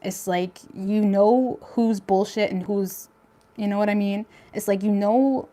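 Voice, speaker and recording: A woman's voice: medium pitch, fairly even intonation, measured pace, warm tone. A young woman giving a casual tarot reading, talking in a chatty, blunt way with lots of fillers and some swearing. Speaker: tarot reader.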